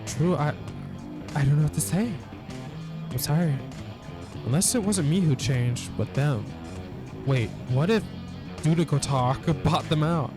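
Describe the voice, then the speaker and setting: A gameplay streamer plays a narrative game, reading its text aloud and reacting with lots of laughter and swearing over background guitar music. His fairly high voice is a little slow, with long pauses.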